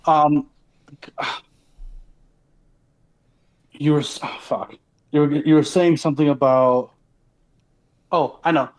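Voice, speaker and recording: A man being coached, talking in a dry, flat way on a casual call. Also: fairly high pitch, takes it slowly, long pauses. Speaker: coaching client.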